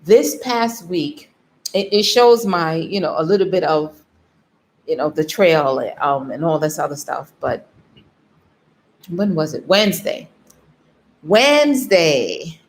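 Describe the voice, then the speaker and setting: A woman's voice: sits low, unhurried, pauses often. A tired woman vlogger telling a story in casual chat, emotional and yawning, with frequent laughs. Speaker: vlogger on a live stream.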